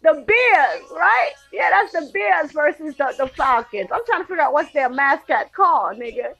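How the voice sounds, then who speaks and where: A woman hosting a casual sports podcast, excitably reading scores and highlights with lots of slang and exclamations. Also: normal speed, vocal fry, soft background music. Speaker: podcast host.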